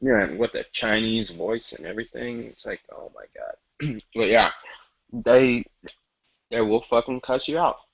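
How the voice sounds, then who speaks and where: A man's voice: mid-range voice, a little slow, gravelly, husky, muffled recording. A man telling stories in casual chat, loose and profane, often laughing.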